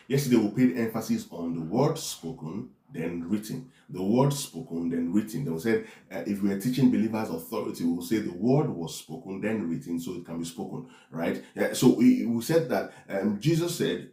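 In an echoey room, a man with a lowish, warm voice preaches a Bible teaching, animated and a little fast. His sermon is full of "right?" tag questions, and he often checks in with listeners by asking "are we together?"

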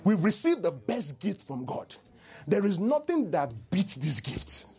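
This pastor's voice is high and husky, moving a little slowly. He preaches a spirited, teasing sermon and guides the congregation through call-and-response.

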